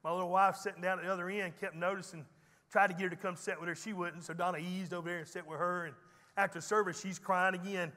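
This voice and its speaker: A man's voice: high-pitched, level tone, fast talker, sharp tone, in a large hall. A man preaching a sermon as pastor, telling folksy stories with teasing humor. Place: church sanctuary.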